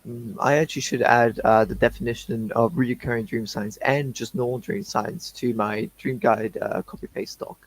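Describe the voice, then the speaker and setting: A man's voice: medium pitch, fairly even intonation, moderate pace, few pauses, slight background noise. A man co-hosting a livestream, chatting casually in a rambling way with many fillers. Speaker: co-host on a livestream.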